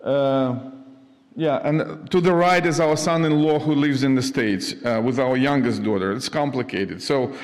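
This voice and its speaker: A man in his fifties from Ukraine, speaking to an audience as a missionary, halting with many fillers and restarts, with light jokes. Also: medium pitch. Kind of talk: casual talk to an audience. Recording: long hall reverb.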